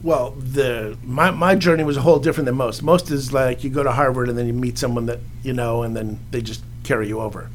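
A man's voice: medium pitch, fairly even intonation, a little fast, few pauses, slight background noise. A middle-aged man from Los Angeles, a television writer telling easygoing stories as a podcast guest. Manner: easygoing storyteller, acts out quotes. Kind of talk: casual interview chat.

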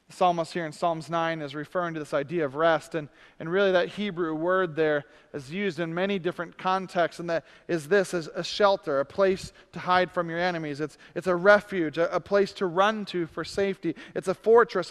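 High-voiced preacher man in a reverberant hall. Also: fairly even intonation, normal speed, clean tone. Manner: swings from loud and emphatic to soft and drawn out. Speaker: pastor. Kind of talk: sermon.

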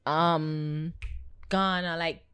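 A woman's voice: deep voice, fairly even intonation, drawn-out words, fairly bright tone, clear, resonant tone, no room sound. A Jamaican woman co-hosting a podcast in casual, chatty conversation. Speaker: podcast co-host. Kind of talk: casual chat.

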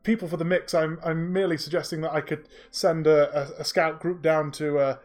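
A man's voice: fairly high pitch, fairly even intonation, brisk, close to an everyday voice. A man voicing a courteous, diplomatic male sheriff in a tabletop role-play, speaking politely with many hesitations.

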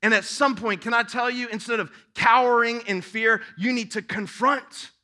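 Bright-voiced preaching man. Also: very high voice, steady tone, normal speed. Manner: reads scripture and breaks off to preach to the congregation; builds to emphatic, rising exhortation. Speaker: pastor. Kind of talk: sermon.

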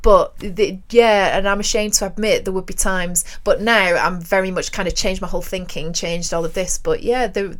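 A woman's voice: medium pitch, fairly even intonation, moderate pace, few pauses. A woman co-hosting a radio show in casual chat. She tells frank, self-mocking stories in an ordinary mid-range voice.

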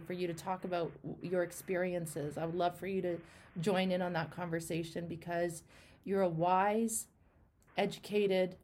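A woman hosting an interview, speaking with impassioned, repetitive emphasis that swings between loud outbursts and hushed words. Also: fairly low pitch. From Canada. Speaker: host. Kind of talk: emotional interview conversation.

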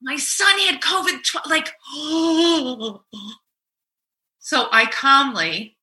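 Bright-voiced woman telling stories animatedly. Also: high voice, very slow. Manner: animated, exasperated storytelling with swearing. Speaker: podcast co-host. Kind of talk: casual chat.

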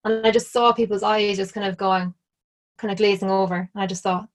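Irish woman guest, mid-pitched, casual storyteller who keeps saying "like". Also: fairly even intonation, brisk. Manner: chatty, full of "like", acts out quoted lines. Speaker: interview guest.

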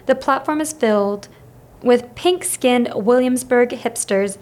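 A woman narrating a novel in first person, steady and expressive, as an audiobook reader. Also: a little high, takes it slowly.

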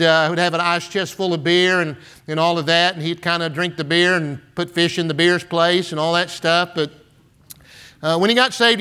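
A man's voice: sits high, bright, forceful tone, smooth. A man, preaching in a folksy, storytelling way full of "and, uh" and "man". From San Antonio, Texas. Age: 60s. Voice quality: folksy, filler-heavy with "and, uh" and "man". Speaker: pastor. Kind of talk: storytelling sermon.

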